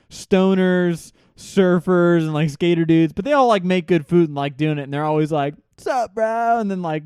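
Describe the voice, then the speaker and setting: A young man co-hosts a laid-back podcast, his voice pitched a little high and notably smooth. He tells stories with lots of energy and laughs often. The sound is dry and close to the mic. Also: dry recording. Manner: laughs often, animated storytelling. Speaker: podcast co-host. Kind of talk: casual chat.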